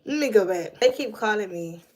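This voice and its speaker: A woman's voice: medium pitch, expressive, a little fast, a little mellow. A mother vlogging casually on her phone, laughing often and breaking off to talk to her kids. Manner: laughs often, chatty, talks to her kids between remarks. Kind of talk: casual chat to a livestream.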